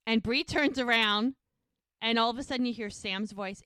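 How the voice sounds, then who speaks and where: A woman's voice: a little high, normal speed, pushed and bright, clean tone, no room sound. A woman co-hosting a podcast, casually retelling TV scenes and quoting the characters' lines. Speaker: podcast co-host recapping episodes. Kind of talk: casual recap chat.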